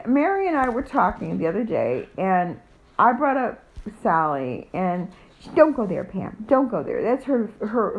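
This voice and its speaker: A woman's voice: medium pitch, highs cut off. A middle-aged woman telling a personal story in a blunt, profane, rambling way, full of fillers. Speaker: vlogger. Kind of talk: casual storytelling.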